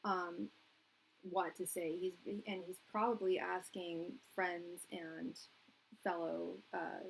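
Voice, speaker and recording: A woman's voice: fairly low pitch, flat delivery, slow, gravelly, a little hiss or hum, low-quality recording. A young woman giving a live-stream tarot reading, chatty and emotional, with frequent laughter. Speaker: tarot reader.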